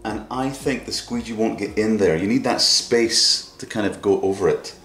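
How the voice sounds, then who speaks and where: A fairly low-voiced man talks through a hobby project as he works, chatty and thinking out loud. He drops in silly sound effects now and then. The sound is roomy and a little distant, with music playing behind him. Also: normal speed. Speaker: maker vlogger. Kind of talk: casual workshop narration.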